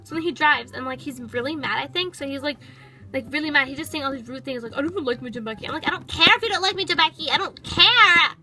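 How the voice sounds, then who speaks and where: Woman doing a sassy pet toy girl, high bright voice, valley-girl "like" chatter, toy storytime. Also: fast, rough recording.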